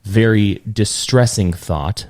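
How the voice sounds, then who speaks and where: A man co-hosting a casual podcast chat, leading the topics in a relaxed, rambling way. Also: fairly low pitch, slow pace. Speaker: podcast co-host leading the episode.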